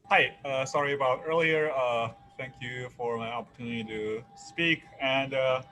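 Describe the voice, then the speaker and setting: A man giving a public comment at a meeting, halting and full of fillers and restarts. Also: mid-range voice, steady tone, sharp tone, poor audio.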